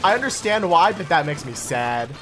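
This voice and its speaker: Animated young man streaming games. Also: fairly high pitch, normal speed, faint music behind. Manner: animated, chatty, talks to chat. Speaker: game streamer. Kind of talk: casual live-stream chat while gaming.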